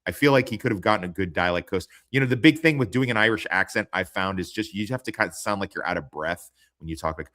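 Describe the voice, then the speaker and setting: Low-voiced guy rambling about an episode, lots of um and you know, swears a bunch. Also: fast talker, few pauses, fairly bright tone. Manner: rambling, profane, full of fillers. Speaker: host reviewing TV episodes. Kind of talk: casual chat.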